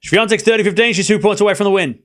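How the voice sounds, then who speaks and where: High-voiced excitable male tennis streamer. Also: rapid-fire. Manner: excitable, talks straight to chat, bursts of shouting at big points; casual and chatty, with slang and asides. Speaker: streamer doing live tennis commentary. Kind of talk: live watchalong play-by-play commentary.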